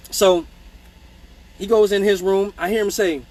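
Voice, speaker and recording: Animated, profane male storyteller. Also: high-pitched, a little slow, long pauses, poor audio. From Michigan. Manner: profane, animated, mimics voices in stories. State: hiccups. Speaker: live-stream host telling stories. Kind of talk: casual storytelling.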